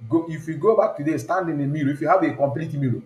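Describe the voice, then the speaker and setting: A man's voice: a little high, fast, darkish tone. A man hosting a casual live stream. He talks in a chatty way and slips between English, Igbo and pidgin, heard in a roomy, echoing space. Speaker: online show host. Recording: roomy echo.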